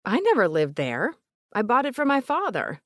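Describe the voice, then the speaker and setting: Woman reading a soft-spoken older Southern lady. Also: a little high, wildly swooping pitch, moderate pace, no room sound, studio quality, pitched above the performer's own voice. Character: older Southern woman, polite, remorseful about her late father.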